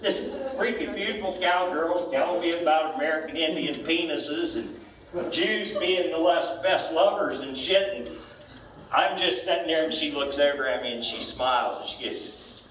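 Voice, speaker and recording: A man's voice: on the high side, normal speed, a bit bright, slight background noise. Older man rambling through a stand-up story. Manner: rambling, stammering delivery with repeated restarts. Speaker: stand-up comedian. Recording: roomy, distant live stage sound with faint ambience.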